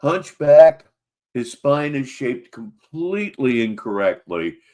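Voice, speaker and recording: A man hosting a live stream and giving mocking, animated running commentary on clips. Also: medium pitch.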